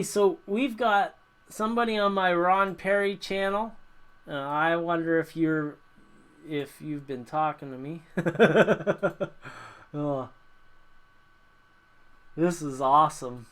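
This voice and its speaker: Slow-talking high-voiced man hosting a livestream. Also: fairly bright tone. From North America. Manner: rambling, laughs often, many fillers. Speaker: livestream host. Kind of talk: casual livestream chat.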